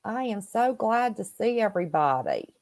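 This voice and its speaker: A woman's voice: medium pitch, very animated, moderate pace, a little mellow, no room sound. A woman hosting a casual livestream, chatting and greeting viewers by name. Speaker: host. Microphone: home computer mic on wired connection.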